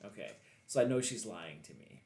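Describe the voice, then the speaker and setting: A man playing a tabletop role-playing game, playful and animated. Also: fairly low pitch, brisk. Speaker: player. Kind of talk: tabletop role-play chat. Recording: echoey room, faint noise.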